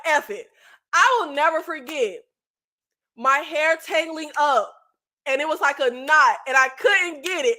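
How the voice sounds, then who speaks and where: A woman with a high, bright voice chats casually with her viewers on a live stream. She talks in an animated, unfiltered way, swears freely and circles back with fillers and restarts. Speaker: YouTube host. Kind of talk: casual live chat with subscribers.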